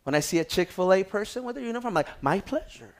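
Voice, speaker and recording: A man preaching a sermon, moving from hushed prayerful tones to loud exhortation and calling out to his congregation. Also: high-pitched, animated, very fast. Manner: calls out to the congregation for response. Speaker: pastor.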